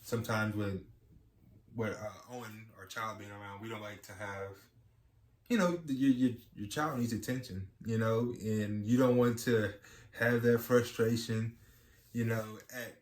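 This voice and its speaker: A man's voice: lowish voice, steady tone, a little slow. A young adult man co-hosting a casual chat about marriage, talking in a rambling way full of "you know"s. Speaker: podcast co-host. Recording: echoey room with faint ambience.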